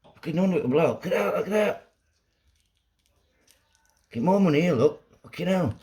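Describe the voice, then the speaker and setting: A man filming a do-it-yourself vlog while fixing a washing machine, excitable and swearing constantly. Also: on the high side, moderate pace. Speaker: vlogger. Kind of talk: casual DIY vlog.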